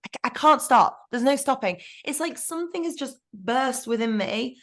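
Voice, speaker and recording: A woman, a podcast guest, frankly telling her personal story in an animated way. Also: high-pitched, normal speed. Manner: frank, animated storytelling with self-talk asides. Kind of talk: candid storytelling interview.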